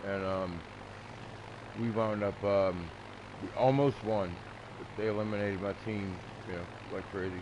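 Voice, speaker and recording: A man's voice: lowish voice, steady tone, measured pace. Profane man rambling over gameplay. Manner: profane, rambling, talks to a friend. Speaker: gamer streaming naval battles. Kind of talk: casual gameplay commentary. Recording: game noise behind.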